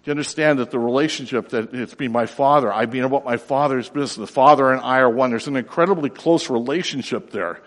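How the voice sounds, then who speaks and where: A pastor preaching a sermon with drama, dropping to near whispers and then rising to loud cries. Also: male voice, medium pitch, fast talker, hardly any pauses. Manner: dramatic, swings from hushed to loud. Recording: reverberant hall.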